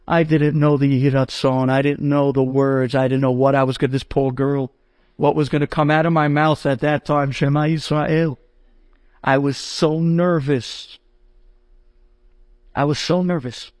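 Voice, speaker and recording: High-voiced man telling a funny story. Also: a little slow, dry recording. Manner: animated, acts out the voices of the people in his story. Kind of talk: humorous anecdote told to an audience.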